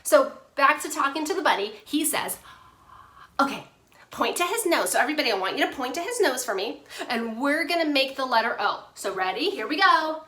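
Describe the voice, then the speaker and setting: A woman occupational therapist giving a handwriting lesson to parents, talking to viewers directly in an animated, playful way. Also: sits high, fairly quick, hardly any pauses. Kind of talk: instructional video for parents. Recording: roomy echo.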